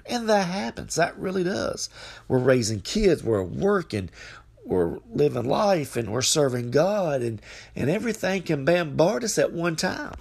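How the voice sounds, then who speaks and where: A man's voice: fairly high pitch, vocal fry, breathy edge. A man giving an earnest, folksy devotional sermon into his phone microphone. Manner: earnest, folksy, repeats phrases, exclaims hallelujah. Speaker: podcast preacher.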